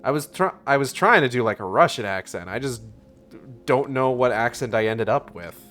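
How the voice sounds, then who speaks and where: A man's voice: medium pitch, lively intonation, moderate pace, fairly bright tone, soft background music. A man streaming a video game, chatting casually and sarcastically, swearing and reading on-screen text aloud. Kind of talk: casual gameplay commentary.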